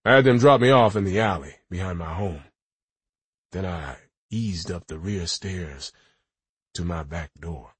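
A man's voice: sits low, unhurried, slightly rough, dry recording. A man narrating a gritty first-person audiobook with a wry storytelling manner.

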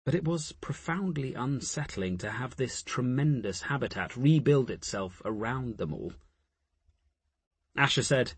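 A man reading a science fiction audiobook as narrator, in a measured, deliberate way. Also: medium pitch, slightly rough, no echo. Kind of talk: scripted narration.

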